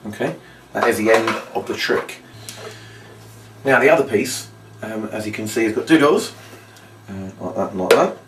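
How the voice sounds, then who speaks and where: A man's voice: on the low side, background noise. A man teaching how to perform a magic and puppet trick, explaining each step and acting out the patter with a bigger voice. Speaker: magic and puppet show instructor. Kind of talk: training demonstration. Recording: roomy echo, mic set far off.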